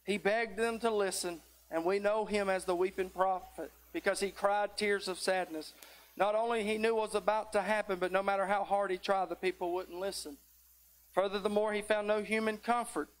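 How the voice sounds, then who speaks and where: A man's voice: high voice, steady tone, moderate pace. A middle-aged man, preaching a folksy sermon that builds into fervent exhortation. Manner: tired near the end.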